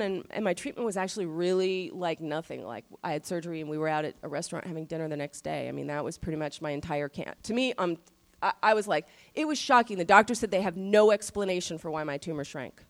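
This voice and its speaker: A middle-aged woman pastor preaches in a conversational style with a fairly low-pitched voice, slowing down to stress key phrases.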